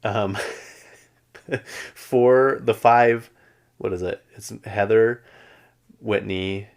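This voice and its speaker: Gravelly low-voiced man gossiping casually. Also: fairly even intonation, drawn-out words. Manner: chatty, gossipy, laughs often. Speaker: podcast host. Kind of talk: casual reality-show recap chat.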